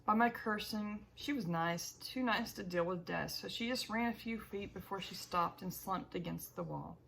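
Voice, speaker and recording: A woman narrating an audiobook in the first person, with expressive, emotional storytelling. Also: medium pitch, moderate pace, gravelly, slight background noise.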